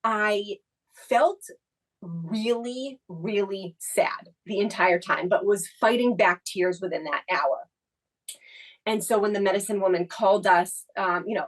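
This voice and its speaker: A woman's voice: medium pitch, measured pace, rough recording. A woman co-hosting a podcast, telling a personal story in casual chat, reflective and full of the filler "like". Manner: reflective, leans heavily on the filler "like". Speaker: podcast co-host.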